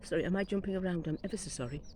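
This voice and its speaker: A woman's voice: fairly low pitch, warm tone, a little hiss or hum, low-quality recording. A middle-aged woman, chatting casually as she walks round her back garden, rambling and gushing over her plants while coming down with a cold. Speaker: gardening vlogger. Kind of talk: casual garden walk-through. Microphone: phone camera carried while walking.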